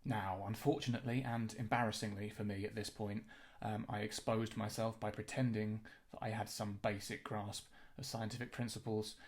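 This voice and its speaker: A young man narrates with a dry, deadpan calm, sounding mock-apologetic throughout. His voice sits slightly low and even. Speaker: comedian narrator.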